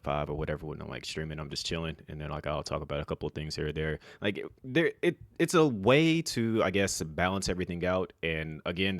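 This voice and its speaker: A man talking casually to camera as a vlogger, in a flat, monotone, rambling way. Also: low-pitched, no room sound, clean studio sound. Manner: self-described monotone, relaxed and rambling with fillers.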